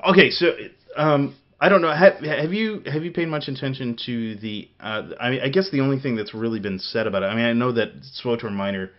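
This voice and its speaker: A man's voice: mid-range voice, steady tone, a little fast, few pauses, muffled recording. A man from Missouri co-hosting a casual gaming chat show, rambling with many restarts, fillers and laughs. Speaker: podcast co-host.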